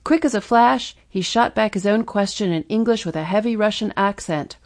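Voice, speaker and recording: A woman reading nonfiction history as an audiobook narrator, measured and deliberate, stressing pointed rhetorical questions. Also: mid-range voice.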